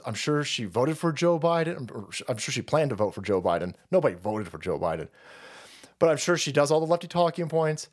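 A middle-aged man hosting a live stream, ranting casually and with heavy profanity, rambling and calling his viewers boys. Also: a little high. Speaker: streamer host.

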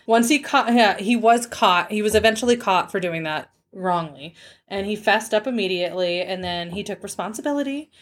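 Young woman, podcast host, chatty, giggly, casual storyteller, mid pitch. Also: normal speed. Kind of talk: casual true-crime podcast chat.

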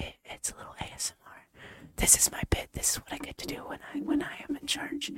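A man's voice: extremely high pitch, completely flat delivery, fast, a bit bright. Young man doing a mock ASMR whisper. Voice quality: unvoiced whisper close to the mic. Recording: whispering close to the microphone.

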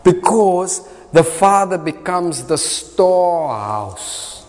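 A man's voice: high-pitched, very animated, slow. A man with a South African accent preaching a sermon emphatically, dropping into Afrikaans phrases. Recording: reverberant hall.

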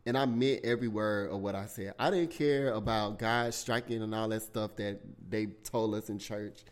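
Young man, lowish voice, loose profane storytelling, animated, podcast host. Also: a little slow. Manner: candid, profane, animated retelling with bursts of shouting. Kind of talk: casual storytelling monologue.

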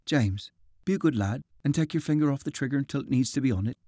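A man voicing a brisk woman officer who gives clipped, firm orders. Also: medium pitch, warm tone, dry recording, clean studio sound, close to an everyday voice.

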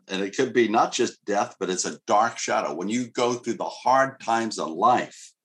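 A man's voice: lowish voice, fairly bright tone. A middle-aged male pastor preaching a sermon in an earnest, conversational way with casual asides.

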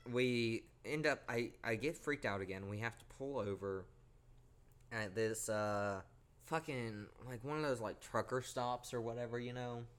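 This young podcast host has a clear, resonant, medium-pitched voice and a measured pace. He casually tells a spooky personal story, animated and full of profanity.

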